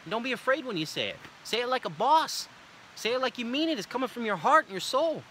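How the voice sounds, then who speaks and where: A man's voice: extremely high pitch, very animated, quick pace, pushed and bright, slight background noise. Emphatic man coaching a sales team. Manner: emphatic, repetitive coaching delivery. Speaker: sales trainer. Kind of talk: sales training talk with role-played pitch lines.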